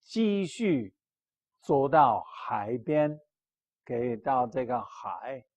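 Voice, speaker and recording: Older American male teacher, very slow and patient, repeats and checks in, dull lo-fi sound. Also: mid-range voice, very animated, a little mellow. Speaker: English teacher. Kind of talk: slow explanatory lesson, reading a story aloud.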